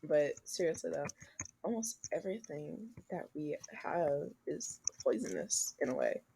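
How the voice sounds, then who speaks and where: Young female podcast co-host from the US, low-pitched but very animated, joking and laughing often. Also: a little slow, creaky, slight background noise, low-quality recording. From United States. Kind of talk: casual chat.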